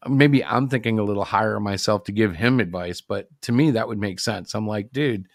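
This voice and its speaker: A man's voice: lowish voice, fairly quick, no echo, clean studio sound. A man co-hosting a livestream about comics, talking in a casual, rambling and opinionated way. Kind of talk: casual chat.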